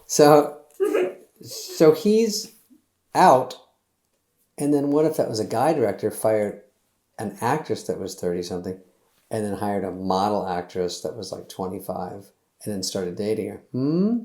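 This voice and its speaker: A man's voice: lowish voice, lively intonation, unhurried, pauses often, a little mellow, roomy sound. A middle-aged man hosting, delivering a loose, sarcastic comedy monologue that acts out little quotes in other voices. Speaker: host.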